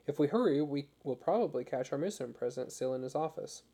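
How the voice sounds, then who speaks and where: A man voicing a cheerful young American missionary who talks in a brisk, friendly, helpful way. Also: on the high side, lively intonation, warm tone, slightly rough. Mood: eager.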